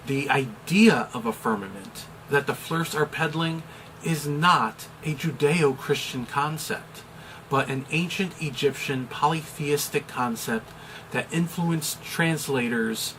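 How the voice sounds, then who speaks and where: Bright-voiced American man explaining calmly. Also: a little high, a little hiss or hum, rough recording. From United States. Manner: measured, deliberate, with occasional fillers. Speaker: chaplain and pastor. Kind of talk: explanatory video commentary.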